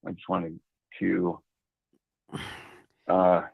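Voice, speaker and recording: Man, rambling storyteller, lower gravelly voice, phone-line quality. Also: monotone, very slow, no room sound. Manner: rambling, hesitant, with many restarts. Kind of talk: casual storytelling.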